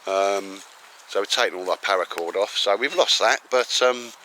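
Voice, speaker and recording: A man talks to the camera outdoors in woodland. His voice sits a little low but comes across bright and forceful. He rambles, jokes and laughs often, with faint outdoor ambience behind him. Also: moderate pace, slight background noise, poor audio. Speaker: vlogger. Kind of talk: casual walk-and-talk vlog.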